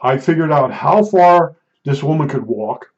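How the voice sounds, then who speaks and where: Excitable rambling storyteller man. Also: on the high side, measured pace. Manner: excitable, restarts and acts out dialogue. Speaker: storyteller recounting an incident. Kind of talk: rambling personal anecdote. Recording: dull lo-fi recording.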